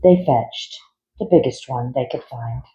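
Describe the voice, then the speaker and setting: A man reading a children's picture book aloud in a measured, expressive way. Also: mid-range voice, highs cut off. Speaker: storyteller.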